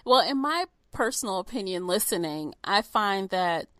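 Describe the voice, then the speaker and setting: A woman's voice: mid-range voice, expressive, normal speed, a bit bright, no echo, clean studio sound. A woman hosting a book podcast, asking questions and sharing opinions in a curious, conversational way. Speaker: podcast host. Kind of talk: conversational interview.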